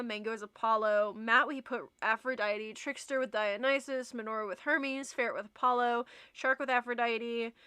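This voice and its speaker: A woman's voice: on the high side, bright, forceful tone, no room sound. A young woman streaming and chatting casually with her viewers, reading chat aloud and laughing easily.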